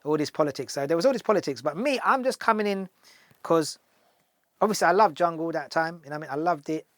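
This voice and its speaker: Middle-aged man, rapid animated storytelling, slightly high voice, dry close mic. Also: dry recording. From London. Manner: animated, acts out dialogue in the stories. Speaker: guest musician. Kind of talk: casual storytelling interview.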